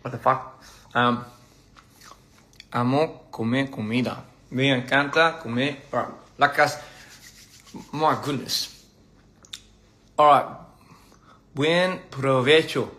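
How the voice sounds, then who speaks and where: A man's voice: medium pitch, fairly even intonation, slow, long pauses, sharp tone. Man chatting during a meal livestream. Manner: playful, laughing, stumbling over foreign phrases. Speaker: livestream host. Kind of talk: casual livestream chat. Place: indoors at a meal. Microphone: phone livestream.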